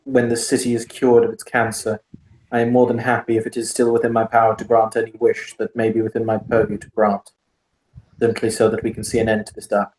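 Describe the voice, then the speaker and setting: A man's voice: on the low side, completely flat delivery, brisk, a little mellow, roomy sound, poor audio. A man narrating and voicing his character in a tabletop game, speaking formally in character. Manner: formal in character, laughing asides. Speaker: tabletop player. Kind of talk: in-character role-play narration.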